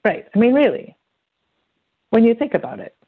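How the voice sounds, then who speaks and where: A woman's voice: a little high, moderate pace. A woman chats freely and tells stories, slipping into acted-out quotes. Her voice comes through thin and narrow, like a phone line. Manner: chatty, animated storytelling with acted-out quotes. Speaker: guest. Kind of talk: casual conversational interview.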